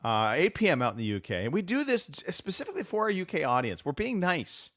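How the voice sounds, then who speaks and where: A man's voice: a little high, sing-song, fast talker, fairly bright tone. A man hosting a casual live podcast, joking around and drifting off on tangents. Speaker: podcast host. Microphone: remote call setup.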